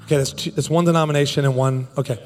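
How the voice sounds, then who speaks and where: Male pastor, 30s, animated comic storyteller in a sermon, slightly high voice, reverberant hall. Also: soft background music. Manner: animated and joking, quick bursts of speech.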